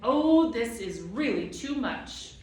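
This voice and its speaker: A woman's voice: a little high, expressive, slow, a little mellow, pitched above the performer's own voice. A woman reading as a stern, officious Proc creature. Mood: snappish. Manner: snappish, then grave and firm. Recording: echoey room, mic far off.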